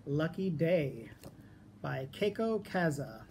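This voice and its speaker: A man reading a children's picture book aloud as a teacher, in a lively, expressive storytelling manner. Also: fairly high pitch, slow pace, vocal fry, slight background noise.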